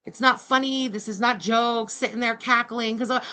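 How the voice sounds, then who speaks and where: A woman's voice: fairly high pitch, normal speed, few pauses, sharp tone. A woman hosting a reaction livestream, giving blunt, sarcastic, scornful commentary. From Canada. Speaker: commentary channel host.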